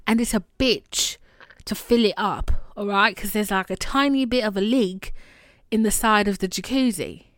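A young woman tells a story to her listeners in a loose, casual way, swearing often and sliding up into a higher voice whenever she quotes someone. Her voice sits at an ordinary middle pitch. The recording is dry and close, with no room sound around her. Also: moderate pace, dry recording. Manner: animated, swearing, acts out quotes in a high voice. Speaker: podcast host.

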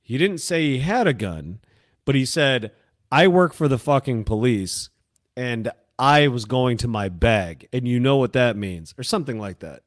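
A man's voice: mid-range voice, lively intonation, normal speed, no room sound, clean studio sound. A man co-hosting a casual chat, talking emphatically and swearing. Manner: profane, emphatic. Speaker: podcast co-host.

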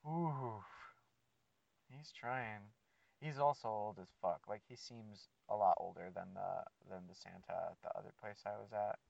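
A man's voice: deep voice, level tone, moderate pace, vocal fry, hardly any pauses, mellow, breathy edge, dry recording. A man ranting casually to his listeners about his job, rambling and swearing a lot. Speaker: seasonal mall Santa photo worker. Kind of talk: casual profane rant to listeners. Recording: dull, dry lo-fi recording.

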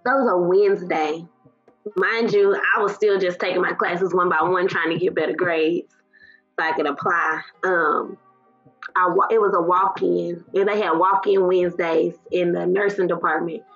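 A woman tells her own story in a husky, breathy voice, chatty and emotional, leaning on fillers as she goes. The audio is dull and lo-fi, with faint music in the background. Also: on the low side, fairly even intonation, normal speed, fairly bright tone. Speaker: guest. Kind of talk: casual storytelling interview.

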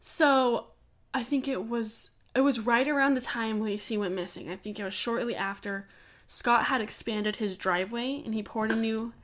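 A young female podcast co-host talks about true crime in a slightly high voice at a regular pace. She keeps it loose and opinionated, laughing often and dropping swear words.

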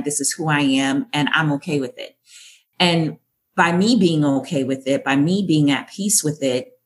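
A woman from Jamaica answers interview questions with thoughtful, measured storytelling. Her voice sits low in pitch and she takes her time. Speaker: guest.

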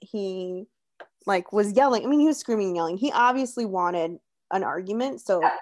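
A young woman recounts things in a loose, chatty way, full of fillers and quick asides. Her voice sits at an ordinary middle pitch. It feels like an easygoing conversation between friends. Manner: chatty, animated storytelling with many "like"s. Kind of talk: casual chat.

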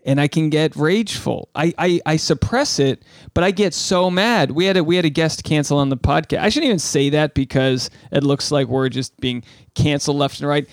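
A man from New England co-hosting a casual podcast chat, rambling and animated, joking at his own expense. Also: on the high side, moderate pace, few pauses, dry recording, studio quality. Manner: rambling, animated, self-mocking. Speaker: podcast co-host. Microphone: studio microphone.

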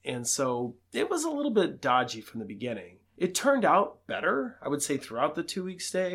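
A young adult man co-hosting a travel podcast. His voice sits at an ordinary middle pitch, and he walks through the trip in a plain, matter-of-fact recap. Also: fairly bright tone. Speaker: podcast co-host.

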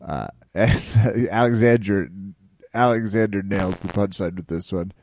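Chill joking guy cohosting a podcast, lowish voice, dry close sound. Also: a little slow, a little mellow, dry recording. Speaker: podcast co-host. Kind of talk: casual podcast chat.

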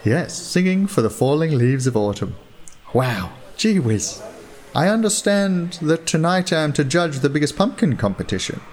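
A man's voice: fairly high pitch, big pitch swings, normal speed, pitched above the performer's own voice. A man voicing a nervous, fussy male birdwatcher who stammers politely. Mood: prim.

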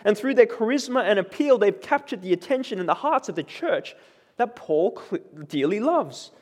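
A man preaching a sermon in a conversational, animated way, often checking in with the congregation with questions. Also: sits high, moderate pace, in a large hall. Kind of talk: expository sermon.

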